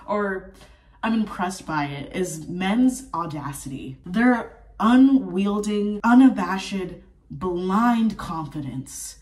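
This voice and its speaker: A woman in her twenties telling a storytime in a casual travel vlog, animated and profane, full of fillers and a bit sick with a cough. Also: medium pitch, a little slow, recorded from a distance. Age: 20s. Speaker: vlogger.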